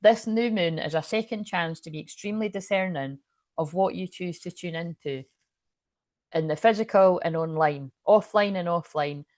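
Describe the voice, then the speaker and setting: This tarot reader and spiritual channel host has a lowish, darkish voice and speaks at a moderate pace on a dry, studio-quality recording. In her casual livestream about spirituality she rambles candidly, swears freely and restarts often amid many fillers.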